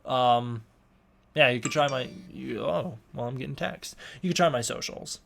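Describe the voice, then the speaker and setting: A man's voice: medium pitch, normal speed, gravelly, a bit bright, a little hiss or hum. A young man hosting a live stream, reading chat questions aloud in casual talk, often stumbling and restarting his words. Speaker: livestream host answering chat questions.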